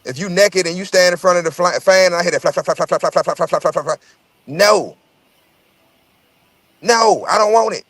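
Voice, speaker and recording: A man's voice: high voice, fairly quick, long pauses, fairly bright tone, no echo. A man in casual chat, telling profane, rambling stories and repeating his words as he goes.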